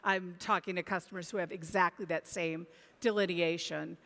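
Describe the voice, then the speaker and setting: A woman's voice: fairly low pitch, fairly even intonation, moderate pace, a bit bright. A woman analyst speaking on a conference panel, thoughtful, with many restarts and fillers. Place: conference stage. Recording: long hall reverb.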